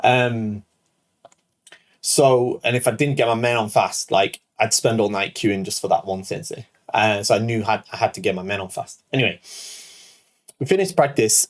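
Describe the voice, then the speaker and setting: A man in his thirties, a show host, telling a rambling personal anecdote full of "like" and "right?". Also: lowish voice. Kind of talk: casual storytelling.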